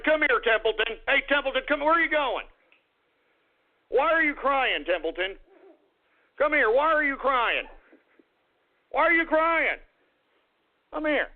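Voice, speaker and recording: Male radio host, high voice, exasperated rambling rant, thin phone-line sound. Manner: exasperated, rambling, repeats himself, addresses listeners as folks. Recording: tinny phone-like radio audio.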